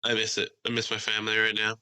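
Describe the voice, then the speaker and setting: A young man co-hosting a casual podcast, telling animated stories, swearing freely and mimicking other people's voices. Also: fairly low pitch, fast talker, clear, resonant tone, poor audio. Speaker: podcast co-host.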